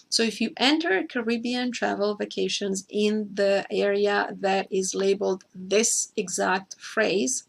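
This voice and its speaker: Gravelly and mid-range, this woman's voice guides viewers through a screen-share tutorial. She walks through each step carefully, goes over important points again, and sometimes calls on her co-host by name.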